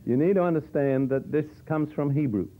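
A man's voice: fairly high pitch, fairly quick. A man teaching from the Bible in a conversational sermon style with dry humor, explaining verses as he goes. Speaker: preacher. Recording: tinny phone-like old tape.

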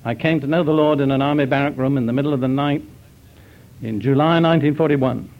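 An older man who grew up in Britain, preaching in an earnest, measured way as he tells a story, with deliberate pauses. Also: medium pitch. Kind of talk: sermon storytelling. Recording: dull lo-fi recording.

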